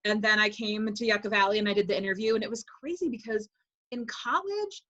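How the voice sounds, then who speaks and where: A woman in her forties from Wisconsin, a high school teacher telling her story as an interview guest, animating quotes in a chatty way. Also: fairly quick, muffled recording. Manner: animated, acts out quoted speech with "like".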